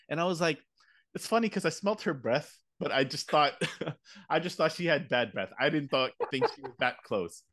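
A man's voice: a little high, normal speed. Laughing man telling stories on a podcast. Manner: laughs often, animated storytelling. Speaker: podcast co-host. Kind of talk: casual chat.

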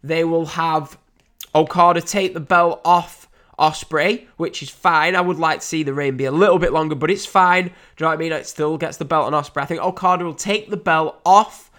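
A man talking excitedly about a wrestling match, swearing freely and loudly acting out the big moments. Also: a little high, normal speed. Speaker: wrestling commentator. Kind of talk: casual chat.

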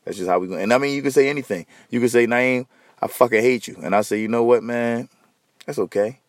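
A man's voice: mid-range voice, fast, a little mellow, no echo, clean studio sound. A man hosting a podcast alone, sleepy and rambling, swearing loosely as he talks. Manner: profane, loose, tired and rambling. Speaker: podcast host. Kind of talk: casual solo rambling monologue.

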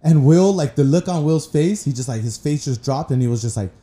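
A man's voice: fairly high pitch, animated, brisk, warm tone, reverberant. A man co-hosting a podcast, telling stories in loose, profane casual chat. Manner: loose storytelling, swearing, laughs a lot. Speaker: podcast co-host.

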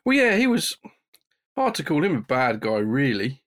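A man's voice: medium pitch, wildly swooping pitch, moderate pace, fairly bright tone. A man in casual podcast chat about films who rambles and gropes for names. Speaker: podcast co-host.

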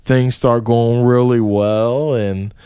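A man's voice: medium pitch, takes it slowly, smooth, no room sound, clean studio sound. Profane man spinning a wild story. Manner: profane, animated storytelling with frequent swearing. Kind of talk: casual storytelling chat.

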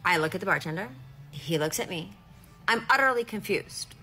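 Animated bright-voiced woman telling a story. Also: mid-range voice, moderate pace, soft background music. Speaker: storyteller in a played clip. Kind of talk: personal anecdote.

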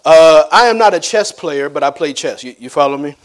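A man's voice: fairly high pitch, expressive, fairly quick. A middle-aged man preaching a conversational sermon in a church, chatty, with laughing asides and call-outs to the congregation. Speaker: evangelist preacher. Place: church sanctuary.

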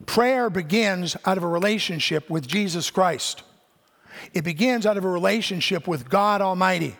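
Older guy preaching a sermon, acts out the quotes, high pitched, echoey church hall. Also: normal speed, gravelly. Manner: animated storytelling, acts out quoted voices. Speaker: pastor. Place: church sanctuary. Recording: church hall with long reverb.

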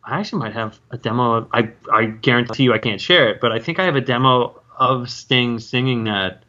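Forties male actor guest, rambling chat, bright tone on a dull lo-fi recording. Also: medium pitch. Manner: rambling, halting, many self-interruptions and restarts. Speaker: guest, stage and screen actor. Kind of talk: casual interview chat.

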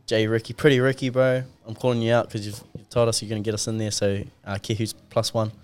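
Low-voiced relaxed Kiwi guy. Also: fast. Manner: relaxed, rambling storyteller, slangy, calls people "bro". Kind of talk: casual chat.

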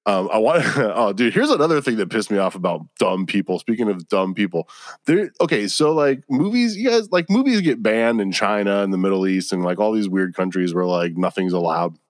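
A man's voice: on the low side, very animated, a little fast, dry recording, studio quality. A man hosting a solo podcast, ranting in a casual, profane way packed with slang and exasperation. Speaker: podcast host.

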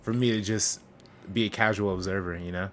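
A young man co-hosting a casual podcast, relaxed and swearing freely. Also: low voice, brisk. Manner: laid-back, swears casually. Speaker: podcast co-host. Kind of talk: casual chat.

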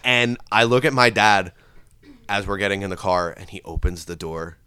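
A man's voice: low voice, moderate pace, clean tone, dry recording. A man co-hosting a podcast, telling a wild story in casual chat, swearing freely and acting out screams. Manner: animated storyteller, swears a lot, shouts out quoted screams. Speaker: podcast co-host.

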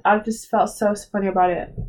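A woman's voice: medium pitch, little pitch movement, a little fast, over a noisy crowd. A woman co-hosting a podcast, talking bluntly and animatedly in casual chat and laughing often. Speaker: podcast co-host.

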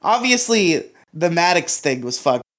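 A man's voice: fairly high pitch, sing-song, a little slow, fairly bright tone. A man co-hosting a podcast, talking casually with crude language and frequent laughter. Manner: crude, laughs often, swears freely. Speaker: podcast co-host.

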